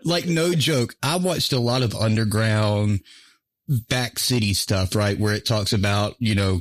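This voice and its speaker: A man's voice: lowish voice, no room sound. A man chatting casually on a podcast, telling stories with a lot of laughter and swearing. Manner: laughs often, profane, animated storytelling. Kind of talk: casual chat.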